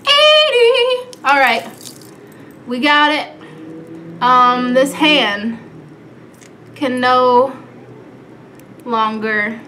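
A woman's voice: sits high, pushed and bright, a little hiss or hum. A young woman vlogging casually at home, playful and sassy, calling her viewers darlings and girls. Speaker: beauty vlogger. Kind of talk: casual chat.

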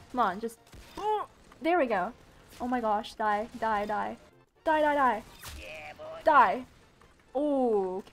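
A woman giving live gameplay commentary at home, excitable, shrieking and exclaiming and making gun noises as she plays. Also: on the high side. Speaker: gaming YouTuber.

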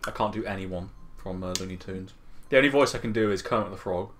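A young man in his twenties hosting a casual gaming chat, excitable, swearing freely and playing up mock outrage. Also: low-pitched, fast, slight background noise. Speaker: gaming channel host.

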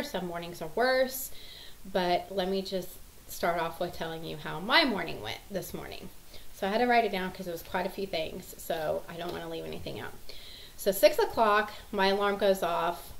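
A woman's voice: fairly low pitch, rough recording. A mother talking casually to the camera, telling about her busy morning in a rambling, chatty way full of fillers. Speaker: mother of several children.

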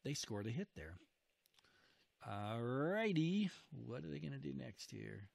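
A man's voice: mid-range voice, big pitch swings, measured pace, creaky, a little mellow, dry recording. A man playing a strategy wargame who comments casually, urges his units on and reacts to each turn with groans and cheers. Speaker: wargame video host. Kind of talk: casual let's-play commentary.

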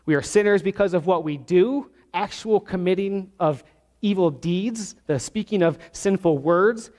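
High-voiced pastor preaching in a reverberant church. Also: male voice, darkish tone. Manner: teaching verse by verse, slowing down to stress key words. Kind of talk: sermon. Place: church sanctuary. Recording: long hall reverb.

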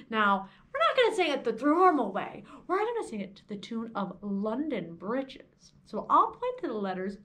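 A young woman, a children's librarian, leading a kindergarten lesson in a cheerful sing-song teacher voice with playful pitch games. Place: library program recording.

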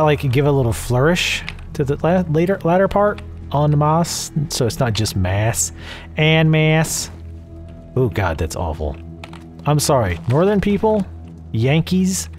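A man from the American South with a Southern accent, giving casual, profane, sarcastic commentary on a game. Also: medium pitch. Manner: sarcastic, profane, rambling asides. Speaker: gameplay commentator. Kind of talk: casual let's play commentary. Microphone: desk mic at home.

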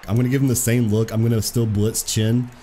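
A young man giving excitable, profane live commentary over his own football video game match, trash-talking his opponent. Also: mid-range voice, brisk, a little hiss or hum. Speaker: gaming streamer.

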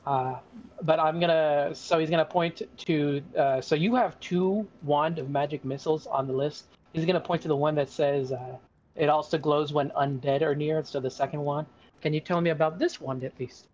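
A man's voice: fairly high pitch, fairly even intonation, normal speed, darkish tone, dull audio, slight background noise. A man playing a tabletop game casually, often stammering and restarting his sentences. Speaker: player.

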